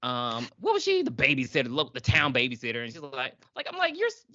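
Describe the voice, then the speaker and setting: A woman's voice: extremely low pitch, huge pitch swings, fast talker, bright, forceful tone, no room sound. Chatty woman podcast host, lo-fi. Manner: chatty, filler-heavy, acts out characters' lines. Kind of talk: casual review chat.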